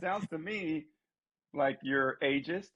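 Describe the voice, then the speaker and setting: A man's voice: a little high, slow pace, fairly bright tone, slightly rough, dull audio. A man bantering as a podcast co-host, teasing his friend in a mock-serious way. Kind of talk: casual banter.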